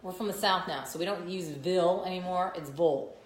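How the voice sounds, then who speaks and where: A woman from northern Illinois with a Chicago-area accent, hosting a casual live-stream chat. She talks in an animated way and drifts into mock accents. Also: on the low side, quick pace. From northern Illinois, USA. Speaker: host. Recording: roomy echo.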